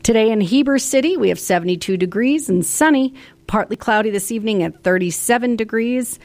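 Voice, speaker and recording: A woman's voice: a little high, fairly quick, a little mellow. A woman with a Chicago accent hosting a local radio station, giving weather and music in a chatty, friendly way. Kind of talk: casual radio announcing.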